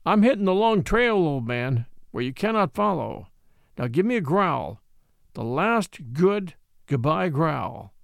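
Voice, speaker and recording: A man voicing a gentle, soft-spoken master who speaks affectionately to his dog and friend, in a storybook reading. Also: a little high, big pitch swings, unhurried, creaky, no room sound, clean studio sound, heavily acted. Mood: tender. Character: gentle departing master, grown man, tender and firm.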